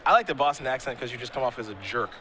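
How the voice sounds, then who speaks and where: A man's voice: medium pitch, animated, very fast, background noise. A man calling a card game tournament live as play-by-play commentator, with playful, teasing banter between plays.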